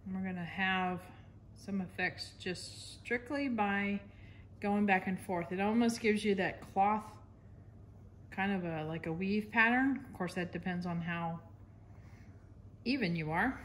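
An American woman talks her viewers through a painting technique in a relaxed, chatty way. Her voice sits in a middle range with a faint hiss behind it. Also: mid-range voice, a little slow. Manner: chatty, talks while working, apologizes to viewers. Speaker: art instructor. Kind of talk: casual painting demonstration.

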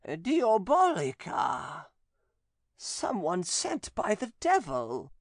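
A male audiobook narrator voicing a possessed nun, with a demon answering through her in a high, strained falsetto and slow, halting words. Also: huge pitch swings, no room sound, clean studio sound, heavily acted. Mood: halting, eerie.

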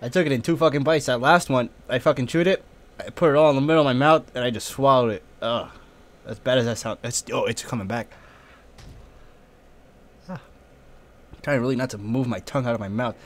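A male streamer's medium-pitched voice comes out brisk but broken by long pauses, strained and sniffly from the spice during a casual chat. He coughs, spits, drools and tears up, sounding pained while cursing a lot.

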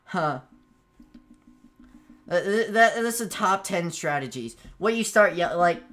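A man's voice: high-pitched, animated, slow pace, long pauses, a bit bright. A man streaming a game, chatting casually, stammering and repeating words, breaking into yelps and laughs when frustrated. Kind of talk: casual gameplay commentary.

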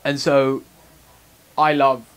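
A man's voice: mid-range voice, flat delivery, slow, slight background noise. A young British man, an actor chatting in a casual on-set interview, rambling and self-deprecating. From Britain.

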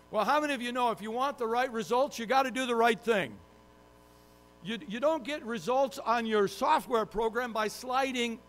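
High-voiced male pastor telling a funny story. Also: normal speed, a bit bright. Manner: self-deprecating storyteller, acts out his own frustration. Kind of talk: sermon with humorous personal story. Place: church sanctuary.

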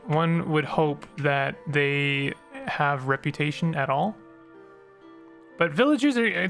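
A man's voice: a little high, creaky, a bit bright. A man hosting a let's play, giving casual game commentary in a rambling way and stumbling over odd names.

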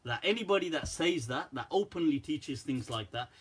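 Middle-aged male teacher, husky and a bit high-pitched, chatty and mocking, laughs a lot. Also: moderate pace. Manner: laughs often, animated storytelling, mocking tone. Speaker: Islamic teacher answering questions. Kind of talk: casual Q&A talk.

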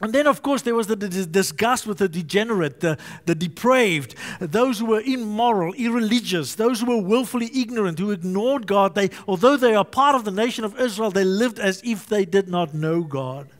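A man's voice: high voice, animated, normal speed, hardly any pauses. A male pastor preaching a sermon, emphatic and fond of repetition and alliteration.

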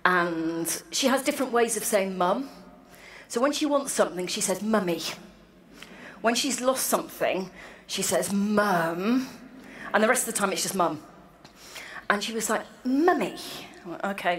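At an annual meeting, a woman from Wales in her forties tells self-deprecating anecdotes with a wry touch to an audience filling a large hall. She speaks at a medium pitch with a fairly bright tone, and the recording echoes with faint room noise.

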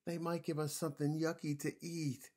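A man's voice: a little high, level tone, normal speed, a little mellow, voice pushed up, lightly acted. A man voicing a timid young dinosaur who is nervous about starting school, in a small worried voice.

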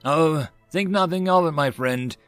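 A man's voice: a little high, a little slow, fairly bright tone, no room sound, faint music behind, voice pushed up. A man doing a timid, stammering little alien. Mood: placating. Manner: stammering, placating, with many fillers. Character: small timid alien barkeep, male, nervous and friendly.

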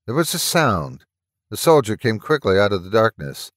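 A man narrating a horror story at a steady, measured pace, close to the mic. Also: lowish voice, no echo. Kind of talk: audiobook reading of a story.

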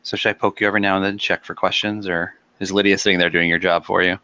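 A man's voice: low voice, level tone, fast, bright, forceful tone, dry recording, dull audio. A man co-hosting a casual livestream, making dry wisecracks and laughing along with his partner. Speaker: livestream co-host. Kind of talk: casual chat.

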